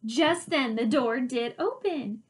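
A woman teacher reads a picture book aloud to her students and pauses to explain things clearly and patiently. Her voice is high and even.

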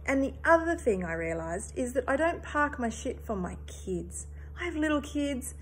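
A woman's voice: high voice, sing-song, moderate pace, a little hiss or hum. A woman in her thirties, a therapist, talking earnestly and emphatically in a personal reflective monologue, swearing casually.

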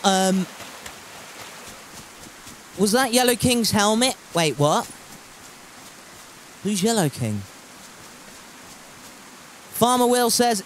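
A man's voice: high-pitched, very animated, takes it slowly, pauses often, a little hiss or hum, rough recording. A man streaming a survival game, chatting and joking, swearing freely and reading the chat aloud. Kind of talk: casual gameplay commentary.

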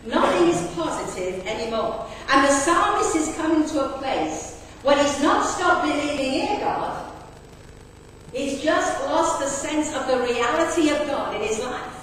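A high-pitched woman delivers an earnest, conversational sermon, often asking the congregation questions. The recording is roomy and echoey, picked up from far off in a church hall, with faint background noise. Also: expressive, measured pace, a bit bright. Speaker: pastor. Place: church service.

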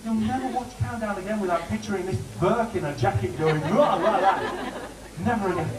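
Chatty warm-up man in a roomy studio. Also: high-pitched, fast, recorded from a distance, crowd noise. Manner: chatty, joking, lively. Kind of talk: studio audience warm-up patter. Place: TV studio with live audience. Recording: roomy studio heard from afar with audience.

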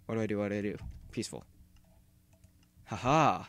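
A man giving casual, rambling gameplay commentary who yells and panics when startled. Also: lowish voice, a little slow, pauses often, no room sound. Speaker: gaming video host.

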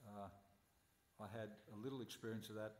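A man's voice: fairly low pitch, fairly even intonation, brisk, echoey room, in a large hall, slight background noise. A man giving a scripture class at a temple, telling stories animatedly and posing rhetorical questions. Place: temple hall.

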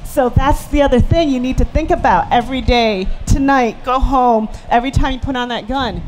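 A woman's voice: high-pitched, normal speed, few pauses, slight background noise, poor audio. A woman panelist with a shooting background, speaking in an earnest, emphatic way. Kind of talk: panel discussion. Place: expo hall panel.

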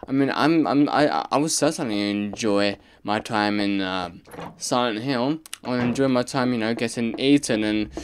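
A man giving casual gameplay commentary, reacting out loud and muttering to himself as he plays. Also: mid-range voice, moderate pace, a little hiss or hum. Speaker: let's play gamer.

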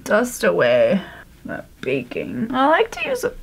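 A woman's voice: fairly high pitch, huge pitch swings, measured pace, gravelly, noisy background. A woman vlogger chatting casually through a makeup tutorial, joking about her own mistakes. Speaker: beauty vlogger.

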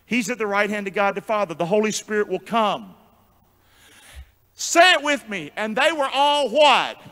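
A male pastor preaching a sermon in call-and-response style, jumping from shouts to low murmurs. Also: expressive, moderate pace. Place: church sanctuary. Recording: long church hall reverb.

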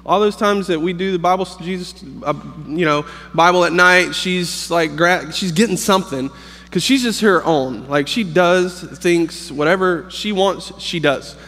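A man's voice: high voice, a bit bright. A man in his thirties, a pastor, preaching in a humorous, storytelling way with plenty of fillers and restarts. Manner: joking, storytelling, halting with fillers. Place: campus worship hall. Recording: long hall reverb.

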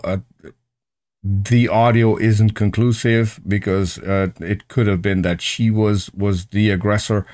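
A man hosting a casual online panel discussion, earnest and searching for words as he goes, often restarting his sentences. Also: lowish voice. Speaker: host.

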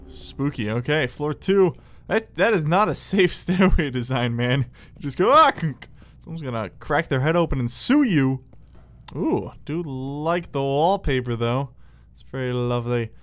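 A man giving excitable, jokey let's play commentary, yelling at enemies as he plays. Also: fairly high pitch. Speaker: gameplay commentator.

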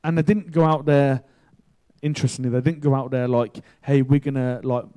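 Chatty male preacher with a mellow voice. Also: mid-range voice, brisk, clear, resonant tone. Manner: casual and chatty, excitable when telling the story. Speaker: pastor. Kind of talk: sermon with an animated story.

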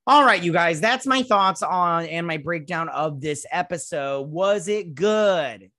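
A man's voice: fairly high pitch, expressive, measured pace, sharp tone, dry recording, clean studio sound. A man casually recapping and reviewing a TV episode, rambling with lots of fillers and sarcastic asides. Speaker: show reviewer.

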